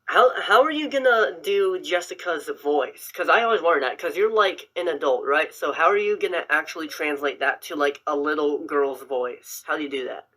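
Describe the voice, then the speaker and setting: A man hosting a casual chat on a call, playful and stumbling over his words with quick restarts. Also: on the high side, bright, forceful tone, rough recording. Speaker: host.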